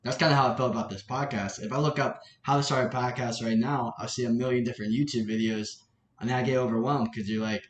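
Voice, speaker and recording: A man's voice: mid-range voice, fairly even intonation, fast. A man hosting a podcast, talking in an earnest, thoughtful way. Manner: earnest, thoughtful, with many affirming yeahs. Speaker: podcast host. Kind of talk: casual interview chat. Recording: echoey room with faint background noise.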